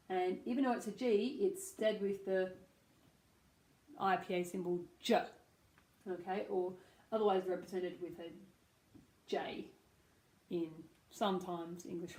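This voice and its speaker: An Australian woman leads a casual pronunciation lesson, pulling each sound apart slowly and deliberately. Her pace is unhurried throughout, with a noticeable room echo around her voice, and her pitch sits mid-range. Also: a little mellow. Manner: slow, deliberate, drawing out sounds to demonstrate. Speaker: English pronunciation teacher.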